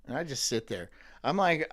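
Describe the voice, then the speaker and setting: A man's voice: fairly high pitch, creaky, sharp tone. Sarcastic, swearing male streamer. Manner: sarcastic, profane ranting with mocking voices. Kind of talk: live-stream rant.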